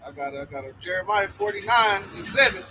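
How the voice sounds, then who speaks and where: A man reading scripture aloud slowly and deliberately, with hesitations, then preaching on it. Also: sits high, expressive, bright, forceful tone, a little hiss or hum, poor audio. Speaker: scripture reader.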